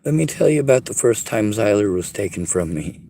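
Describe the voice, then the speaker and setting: A man's voice: on the low side, expressive, fairly quick, dark tone, slight background noise, rough recording. A man telling a personal story to the camera, rambling, repeating himself and swearing freely. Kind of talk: casual spoken storytelling to camera.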